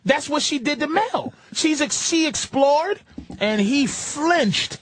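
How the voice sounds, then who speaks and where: A podcast host telling stories in a casual, profane way, acting out what people said. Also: male voice, extremely high pitch, slow, dry recording. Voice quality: animated, acts out quotes.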